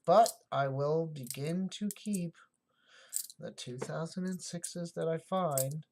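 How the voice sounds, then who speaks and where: Slow, chatty livestream host thinking aloud. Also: medium pitch, darkish tone, slight background noise. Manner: thinks aloud, chatty, talks back to chat comments. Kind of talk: casual livestream chat while sorting coins.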